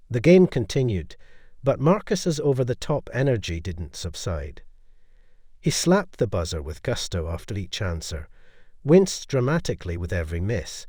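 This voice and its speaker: A man telling a scripted story as narrator in a lively storytelling way. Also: lowish voice, moderate pace, breathy edge, no room sound, studio quality.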